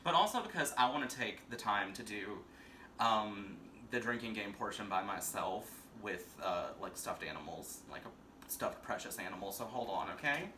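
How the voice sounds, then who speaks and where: A man with a Southern US accent and a husky voice, rambling sassily and a little tipsy in a casual vlog from his bedroom. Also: lowish voice, lively intonation, moderate pace, bright, forceful tone, a little hiss or hum. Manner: sassy, rambling, profane, frequent laughs. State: slightly tipsy. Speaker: vlogger hosting a drinking game.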